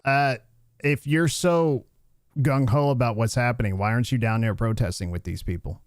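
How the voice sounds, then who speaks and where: A man hosts a livestream and rants bluntly, brushing things off with repeated restarts. His voice sits at an ordinary middle pitch. It sounds dry and close, with no room around it. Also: moderate pace, no echo. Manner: blunt, dismissive ranting with frequent restarts. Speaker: livestream commentary host. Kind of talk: casual reaction commentary.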